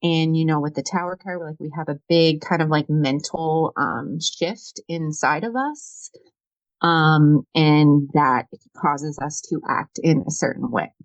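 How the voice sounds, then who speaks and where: A woman's voice: deep voice, measured pace, dry recording, low-quality recording. A woman co-hosting a casual tarot reading chat, musing aloud with many fillers. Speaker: tarot reader co-host.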